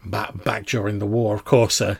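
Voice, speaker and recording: Man voicing a train conductor, middle-aged ex-soldier, boastful, gravelly, husky. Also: lowish voice, little pitch movement, normal speed, no echo. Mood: friendly. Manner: chummy, boastful, conspiratorial.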